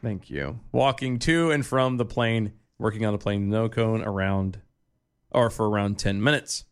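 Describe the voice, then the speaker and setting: A man's voice: on the low side, measured pace, smooth. Tired forties guy cohosting a podcast, jokes around and laughs a lot, reads out news bits. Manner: joking, laughs often. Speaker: podcast co-host. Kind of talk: casual chat, reading news stories.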